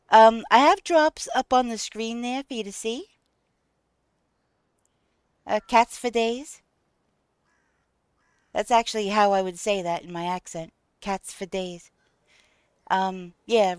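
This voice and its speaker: A woman game streamer chatting with her viewers in an unhurried, drawn-out way, her voice smooth and clear. The sound is dry and close, with no room echo. She thanks people and walks through what she is doing in the game, filling pauses with ums. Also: medium pitch. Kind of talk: casual live-stream chat while playing.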